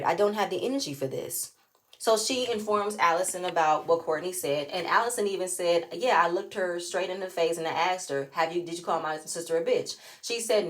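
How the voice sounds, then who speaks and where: A reality TV recap vlogger, a woman with a voice on the lower end of the female range, walks through a show episode with casual, sassy commentary. She's animated and keeps shifting into other people's voices to reenact their quotes.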